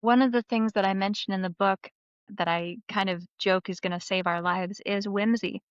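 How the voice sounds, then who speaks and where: A woman's voice: mid-range voice, normal speed, dry recording. Podcast guest lady in her 30s telling a story, lots of likes, kinda muffled dry audio. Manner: animated storyteller, lots of "like" fillers. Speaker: memoir author, podcast guest. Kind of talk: casual podcast interview.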